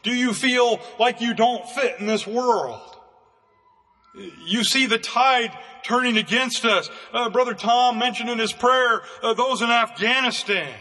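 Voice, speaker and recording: A man preaching a fervent sermon as pastor, with bursts of raised, shouting emphasis. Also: very high-pitched, long reverb tail.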